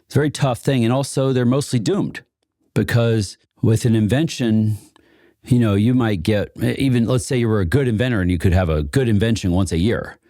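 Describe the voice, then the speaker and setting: Interviewed about inventors, a man who supports them tells stories loosely and chattily, laughing often and full of fillers and restarts. His lowish, warm voice moves a little fast, in studio-quality sound with no room sound.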